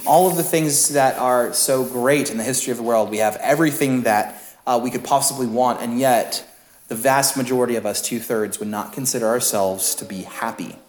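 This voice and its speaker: A young adult male pastor giving a sermon in a relaxed, conversational way, with fillers, asides and jokes. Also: medium pitch, brisk. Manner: conversational, self-deprecating, many fillers and asides. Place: church sanctuary. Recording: roomy church echo.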